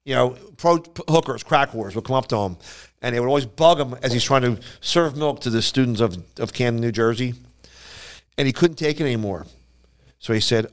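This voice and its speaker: A man with a smooth, clear voice tells animated stories on a casual podcast. He slips into higher voices when he quotes the people in them. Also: a little fast. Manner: animated storyteller who jumps into high voices for quoted people. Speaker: podcast co-host. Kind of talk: casual storytelling chat.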